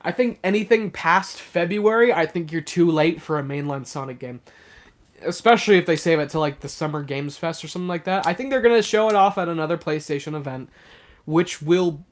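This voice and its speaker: Talking to his chat on a relaxed livestream, this young host speaks fairly quickly in a fairly high-pitched male voice. He rambles, leaning heavily on filler words.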